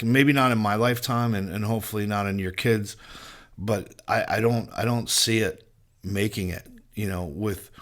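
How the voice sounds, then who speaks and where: Bright-voiced, swearing male podcast host. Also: lowish voice. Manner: profane, rambling, animated storyteller. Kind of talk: casual storytelling monologue.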